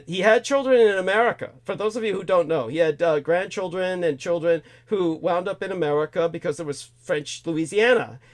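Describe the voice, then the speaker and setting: Indignant talk show host man. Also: fairly high pitch. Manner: animated, profane, indignant, with many fillers and restarts. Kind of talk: ranting talk show monologue.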